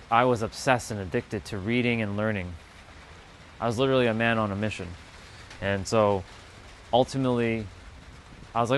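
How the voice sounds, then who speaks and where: A man in his thirties hosts a livestream, telling stories in a casual, swear-filled chat full of animated, mocking quoted asides. His voice is lowish, with a little hiss or hum in the audio.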